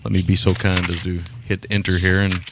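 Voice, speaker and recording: A man's voice: low voice, flat delivery, brisk, background noise. A man co-hosting a casual film chat podcast, rambling, chuckling and tripping over foreign names. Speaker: podcast co-host.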